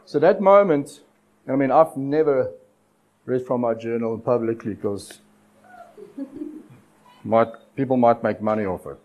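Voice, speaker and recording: A man delivers a sermon in a mid-range voice, neither high nor low. He builds his points through repeated phrases and leans on dramatic pauses. His tone stays urgent as he calls on his listeners. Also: dull audio. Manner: exhortative, repetitive cadence with dramatic pauses. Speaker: preacher.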